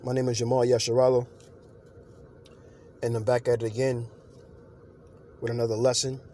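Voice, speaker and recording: Man, religious teacher, informal scripture lesson, halting with fillers, emphatic preaching, medium pitch, faint background noise. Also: level tone, mellow.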